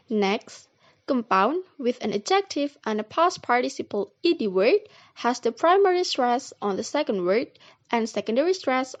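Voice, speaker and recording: A young woman with an Indonesian accent presents a recorded class lesson. Her voice sits fairly high, and she reads each point in an even, explaining manner. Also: lo-fi sound. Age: young adult. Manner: steady, read-aloud explanation. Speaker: student presenter.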